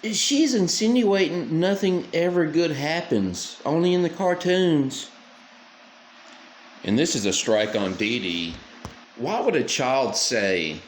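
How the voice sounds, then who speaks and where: Male commentator, scornful and crude, lively up-and-down delivery, faint noise behind. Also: fairly high pitch, slow, roomy sound. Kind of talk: mocking reaction commentary.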